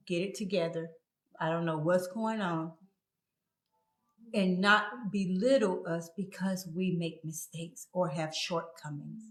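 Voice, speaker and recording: A woman hosting her own talk show, speaking in a casual, earnest and heartfelt way while encouraging her viewers. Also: lowish voice. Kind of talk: casual live-stream talk. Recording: echoey room.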